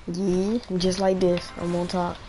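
Excitable slangy male gamer. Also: high-pitched, unhurried, slight background noise. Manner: excitable slangy trash talk, repeats phrases. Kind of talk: live gameplay commentary.

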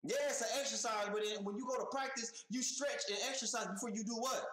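Animated slang-heavy man in echoey room. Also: sits high, fast. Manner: animated, profane, street slang, repeats himself. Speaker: reaction video host. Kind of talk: casual reaction commentary. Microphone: headphones on, desk mic.

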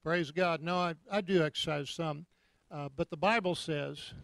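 A man in his seventies preaching a sermon, jovial and joking, breaking into loud shouts of praise. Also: on the high side, normal speed, vocal fry, no echo. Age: 70s. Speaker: guest preacher.

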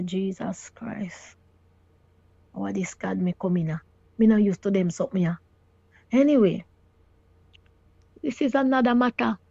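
A middle-aged Jamaican woman telling her own story in a casual, animated way, often quoting others and exclaiming. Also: mid-range voice, no room sound, highs cut off. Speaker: caller sharing her story.

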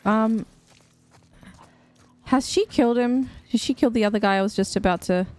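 A woman's voice: fairly high pitch, moderate pace, a little mellow. A woman hosting a gaming channel, giving casual, playful let's-play commentary full of jokey reactions.

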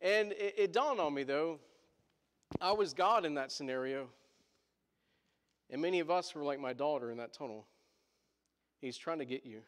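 Pastor guy telling a story in his sermon, kinda high voice, lots of asides to the church, big hall echo. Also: normal speed, long pauses, fairly bright tone. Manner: chatty anecdotes with asides to the congregation.

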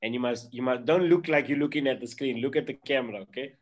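A fast-talking man with a mid-range voice and a South African English accent gives a chatty, upbeat presentation to a church group over a video call, in the style of a casual online meeting.

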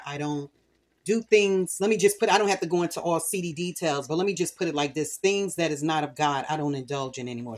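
A middle-aged woman hosting a home cooking video, talking candidly and earnestly about her faith while she cooks. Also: lowish voice. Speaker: cooking channel host. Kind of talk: casual cooking vlog with personal testimony.

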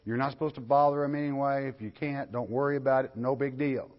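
A man's voice: mid-range voice, fairly even intonation, fast. An older man, lecturing on scripture as a pastor, folksy and asking his listeners questions. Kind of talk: verse-by-verse Bible lecture. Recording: lo-fi recording in a hall.

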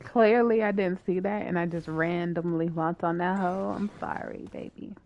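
A woman's voice: on the low side, steady tone, normal speed, a little mellow, highs cut off. A woman streaming a co-op video game, chatting playfully and swearing while she plays. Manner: playful, swears and laughs often. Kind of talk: casual gaming chat.

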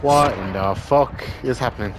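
A man giving casual, swear-heavy commentary over his own gameplay, excitable and panicky. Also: medium pitch, moderate pace. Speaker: gamer making funny-moments videos.

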